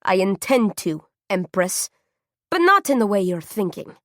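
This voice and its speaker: Woman doing death, deep raspy accented knight voice, calm and patient, dry close read. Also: a little slow, dry recording.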